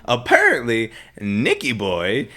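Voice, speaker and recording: A young man co-hosting a podcast, telling excitable stories and acting out what people said, laughing often. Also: mid-range voice, slow pace. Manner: excitable storyteller, acts out quotes, laughs often. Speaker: podcast co-host. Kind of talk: casual chat.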